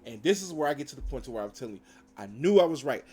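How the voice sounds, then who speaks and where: A man's voice: mid-range voice, very animated, rapid-fire, darkish tone, slightly rough. A man reviewing cartoon episodes, retelling scenes in a loose, rambling way with acted-out quotes and frequent fillers. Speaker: show reviewer. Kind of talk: casual spoken recap.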